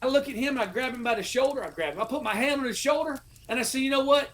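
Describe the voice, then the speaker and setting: A middle-aged American man tells a war-buddy story in loose, salty podcast chat. His delivery is animated and full of profanity. He acts out his old barked orders as he goes. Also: very high voice, rapid-fire. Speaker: podcast guest, army veteran. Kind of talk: casual storytelling.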